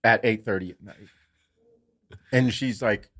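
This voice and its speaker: A man co-hosting a podcast, telling a lively family story with lots of swearing and laughter. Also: on the low side, a little slow, husky. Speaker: podcast co-host. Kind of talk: casual storytelling.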